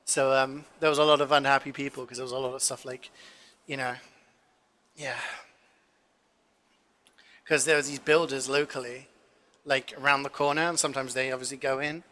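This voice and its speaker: A man's voice: mid-range voice, level tone, normal speed, long pauses, pushed and bright. A young man telling a rambling story while cooking on a stream, full of fillers. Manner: rambling, filler-heavy, swears casually.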